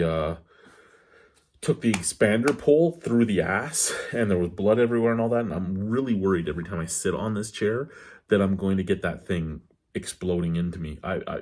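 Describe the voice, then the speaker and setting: A man's voice: lowish voice, a little mellow, husky. A man reviewing a beer in a casual vlog, rambling off-topic, talking with his hands. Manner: rambling, digressive, candid.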